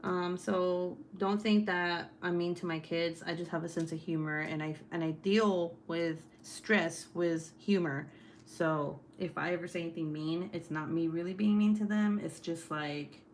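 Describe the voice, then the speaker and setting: A young adult woman with a fairly low, steady voice hosts a casual livestream from home at a moderate pace, chatting as she reads comments, laughing often and swearing freely. A little hiss or hum can be heard.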